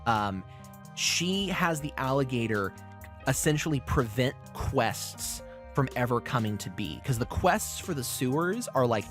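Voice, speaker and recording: A man hosting a podcast, recapping a show in a casual, profane, animated way. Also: medium pitch, a little slow, faint music behind. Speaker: podcast host.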